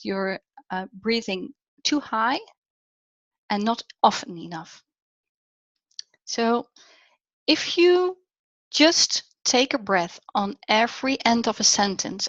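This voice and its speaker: A middle-aged woman with a Dutch accent giving an online talk on public speaking, animated and dipping to near whispers for emphasis. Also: a little high, no echo. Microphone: video call. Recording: dull, dry online audio.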